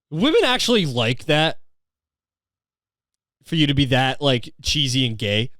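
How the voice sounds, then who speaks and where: A man's voice: medium pitch, very animated, moderate pace, smooth, dry recording, studio quality. A man hosting a comedy podcast, riffing sarcastically and profanely and drifting into bits. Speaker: podcast host. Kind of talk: comedic commentary.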